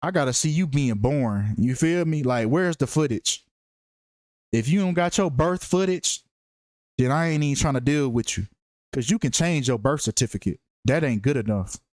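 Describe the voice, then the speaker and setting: A true-crime numerology commentator delivers a casual, profane monologue, slangy and emphatic, repeating phrases for effect. His medium-pitched voice is animated and darkish at a moderate pace, with no echo and clean studio sound.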